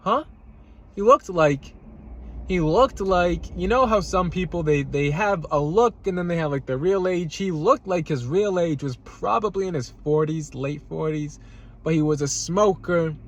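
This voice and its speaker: A man with a slightly higher voice rants about a run-in on the road. He swears a lot, goes back over the same points, and his pitch shoots up whenever the anger comes back. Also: measured pace. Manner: profane, heated, repeats himself, voice jumps up when upset. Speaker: vlogger. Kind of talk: angry storytime rant. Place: at home, eating a salad.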